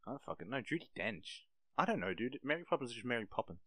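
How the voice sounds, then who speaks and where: A man's voice: mid-range voice, big pitch swings, fast, bright, forceful tone, no echo. An Australian man co-hosting a podcast, laid-back, swearing often and throwing in wisecracks. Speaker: podcast co-host. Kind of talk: casual chat.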